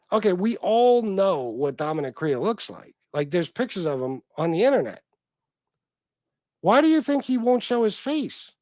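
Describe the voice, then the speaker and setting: A man with a notably high voice hosts a casual livestream. He reacts with profane, exasperated disbelief. The sound is dry, with no room echo. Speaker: livestream host.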